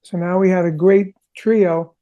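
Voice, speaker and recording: A man, a rock drummer, chatting as an interview guest, telling animated stories and acting out conversations he had. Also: sits high, a little slow, lo-fi sound. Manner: animated, sings drum parts vocally; acts out quoted conversations. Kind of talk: casual storytelling interview.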